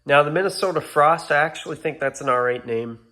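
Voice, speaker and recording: A YouTuber talks casually to his channel's viewers in a fairly high, quick voice with a bright, forceful tone. It's a relaxed vlog rant full of exasperation, and he apologizes now and then along the way.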